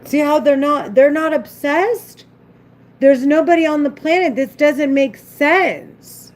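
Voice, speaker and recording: A woman vlogger talks to camera at home while doing her makeup, in an agitated, repetitive, rambling monologue. Her voice sits high and she speaks slowly.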